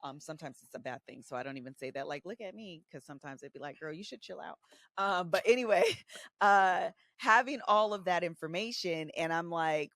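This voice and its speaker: A woman's voice: fairly low pitch, brisk, no echo. Candid woman telling stories. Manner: animated, acts out quoted voices, casual slang. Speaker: podcast co-host. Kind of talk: candid conversational storytelling.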